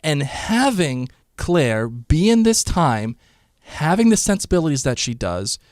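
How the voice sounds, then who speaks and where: A man co-hosting a casual podcast chat about a TV episode, talking in an animated way and slipping into quick character voices. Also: on the high side, no room sound, clean studio sound. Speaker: podcast co-host.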